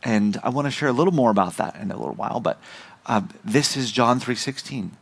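A middle-aged man, a visiting missionary, preaching a sermon and slowing down to stress key words. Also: mid-range voice, lively intonation, creaky, slightly rough. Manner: emphatic, slowing and rising on key phrases.

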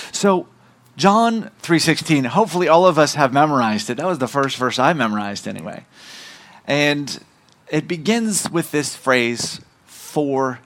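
A middle-aged man, a visiting missionary, preaching a sermon and slowing down to stress key words. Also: medium pitch, animated, fairly bright tone. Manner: emphatic, slowing and rising on key phrases.

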